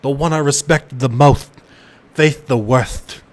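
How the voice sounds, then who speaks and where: A man voicing a gloomy former agent who talks slowly and dramatically. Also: mid-range voice, voice pushed up, lightly acted. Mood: somber. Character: brooding male gunman, somber ex-agent, gloomy.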